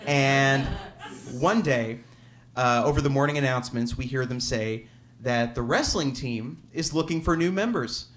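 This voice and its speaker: A man's voice: medium pitch, measured pace, fairly bright tone. A man from Alabama telling a personal story on a theater stage, wry and self-deprecating, often chuckling as he talks.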